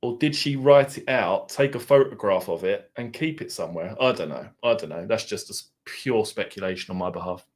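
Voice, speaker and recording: A man's voice: on the low side, a little fast, hardly any pauses. A middle-aged man with an Essex accent, chatting casually on a livestream, reading out viewers' comments and musing aloud in a self-deprecating way. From Essex, England. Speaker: livestream host. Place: home.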